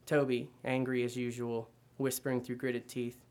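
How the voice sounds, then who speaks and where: A man giving a measured first-person reading of literary fiction. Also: medium pitch, completely flat delivery, a little mellow. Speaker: reader.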